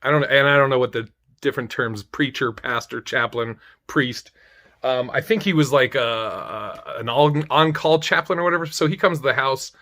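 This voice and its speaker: A man casually telling a darkly funny personal story, wry and profane, breaking into loud mock outrage. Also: mid-range voice.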